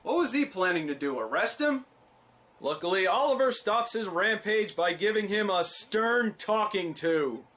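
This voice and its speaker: A man's voice: high-pitched, animated, moderate pace, few pauses, a bit bright, a little hiss or hum. A young man hosting a video, narrating cartoon clips with dry, mocking commentary. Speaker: video host. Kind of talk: sarcastic commentary over clips.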